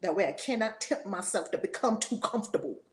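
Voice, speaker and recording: A woman's voice: medium pitch, animated, brisk, darkish tone. A woman in her forties teaching a spiritual lesson in a fiery, preacher-like way, acting out voices. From United States.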